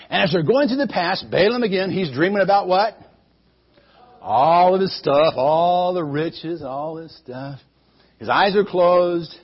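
Man, playful storyteller, high voice, animated, asks the audience questions. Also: breathy edge, muffled recording. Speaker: storyteller for children.

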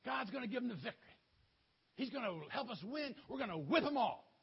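A man playing Gideon, a nervous, then eager, army leader giving plans in a chatty, husky voice. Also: very high-pitched, lively intonation, a little fast, voice pushed up, heavily acted. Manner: eager, conversational commands. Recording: dull lo-fi sound.

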